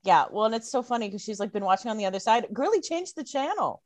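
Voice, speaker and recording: A woman co-hosts a relaxed recap podcast, and her voice swoops up and down as she talks. She throws in playful, joking asides. The recording is dry, with almost no room sound. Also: fairly high pitch, fast, dry recording. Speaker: podcast co-host. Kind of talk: casual TV episode recap.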